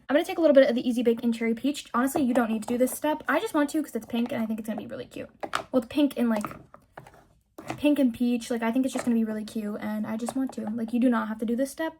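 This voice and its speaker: A woman's voice: on the high side, a little mellow, slight background noise. A young woman talking through a casual makeup tutorial, chatty and candid, gushing about products and swearing freely when she rants. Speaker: beauty vlogger.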